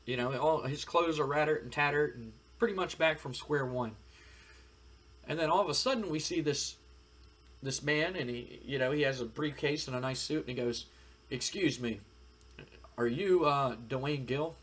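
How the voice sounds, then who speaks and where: A man's voice: a little high, normal speed, a bit bright. A man narrating a wrestling simulation playthrough in a rambling, filler-heavy way. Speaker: game commentator. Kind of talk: let's-play narration of a wrestling sim.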